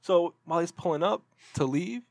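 A man telling a story in casual podcast chat, profane and animated. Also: high-pitched, normal speed, gravelly, dry recording. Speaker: podcast co-host.

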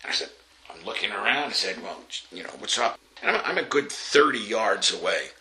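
A man's voice: on the low side, sing-song, brisk, sharp tone, rough recording. An older man from Long Island telling an anecdote in an interview, acting out the voices of the people in it and often laughing. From Long Island, New York. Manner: storytelling, acts out quoted voices, laughs often.

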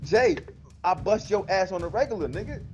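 A man's voice: high-pitched, animated, fairly quick. A young man, brash and teasing, trading casual trash talk on a podcast. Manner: brash, teasing, talks over others. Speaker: podcast co-host. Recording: dull lo-fi sound with faint music.

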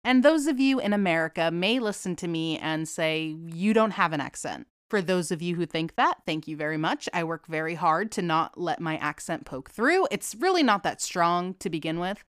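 Young woman podcast host with a light Boston accent, fast and rambling, swears casually, smooth clear tone. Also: fairly low pitch, expressive, no echo, studio quality. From New England. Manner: rambling, fast-talking, profane and self-deprecating. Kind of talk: casual solo podcast chat.

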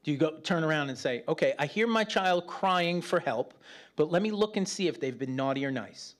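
A man preaching a conversational Bible teaching, animated and chatty, with joking asides to the room. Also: fairly high pitch, a little fast.

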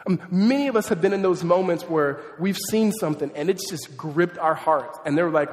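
A man pastor giving a sermon in a conversational, animated way, with casual asides. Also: a little high, a little fast, hardly any pauses. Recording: echoey hall, long reverb.

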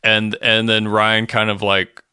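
A man with a lowish, bright and crisp voice talks through a show recap as a podcast co-host. His delivery is loose and conversational, full of "like" and offhand swearing. The sound is dry and close. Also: monotone, measured pace, dry recording. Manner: laid-back, swears casually, frequent fillers. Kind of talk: casual recap chat.

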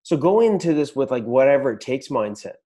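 A man's voice: mid-range voice, big pitch swings, a little fast, warm tone. A man hosting a podcast, giving a blunt, profane motivational pep talk to business owners. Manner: blunt, swears a lot, pep-talk energy. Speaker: podcast host.

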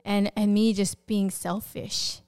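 A woman speaks as a podcast guest, giving a candid personal testimony of faith. Her voice is strikingly clear and smooth, at a middle pitch. She tells her story openly, peppering it with "you know.". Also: level tone, takes it slowly, darkish tone.

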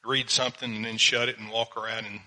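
An older man, a pastor, preaching a sermon in a slow, measured way and reading Bible verses aloud. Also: lowish voice, level tone, sharp tone, poor audio.

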